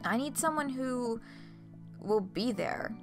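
A woman voicing a soft-spoken man, weary after a breakup, reading the game's lines aloud in a slightly lowered, subdued tone. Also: animated, slow pace, over music. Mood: weary, sincere. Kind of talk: reading game dialogue aloud.

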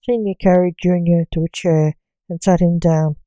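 A woman narrating a short story in a plain, unhurried reading. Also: fairly low pitch, fairly even intonation, dark tone, no room sound.

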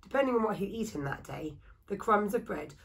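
Woman reading a kids' story aloud, steady expressive telling. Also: mid-range voice, fairly quick, low-quality recording. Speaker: school staff reader.

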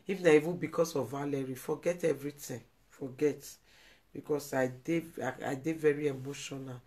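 A woman's voice: rumbling low, fairly even intonation, moderate pace, a little mellow. A Nigerian woman hosting a live video, speaking in an emotional, pleading way and repeating herself. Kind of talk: emotional live-stream commentary.

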